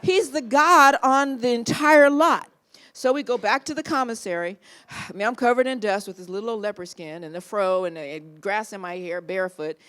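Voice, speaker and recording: Lively woman telling a story, fairly high voice. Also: normal speed. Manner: lively storyteller who acts out the people in her story. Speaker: guest at a film Q&A. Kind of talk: animated anecdote telling.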